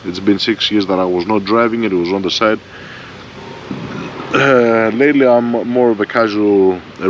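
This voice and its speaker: A man in his forties ranting bluntly and profanely in a rambling motorbike vlog, recorded outdoors on a bike-mounted camera. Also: on the low side. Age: 40s. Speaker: motorbike vlogger. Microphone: bike-mounted front camera. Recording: dull lo-fi sound, faint vehicle noise.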